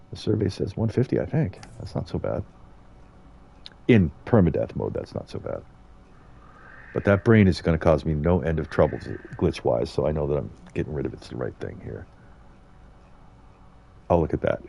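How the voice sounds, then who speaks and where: A middle-aged American man streams a game, thinking aloud and chatting to his viewers in a rambling, easygoing way. His voice is very deep and gravelly, with a dark, husky tone. His pitch swings widely as he talks. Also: big pitch swings, moderate pace, long pauses. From United States. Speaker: gaming streamer. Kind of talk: casual gameplay commentary.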